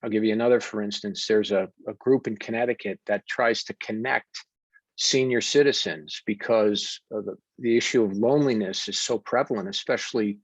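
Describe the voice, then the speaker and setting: American male coach, earnest, steady, muffled dry recording. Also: on the low side, dry recording. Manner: warm, deliberate storytelling with frequent fillers. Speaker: wellness coach and podcast guest. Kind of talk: earnest conversational interview. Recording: dull dry remote audio.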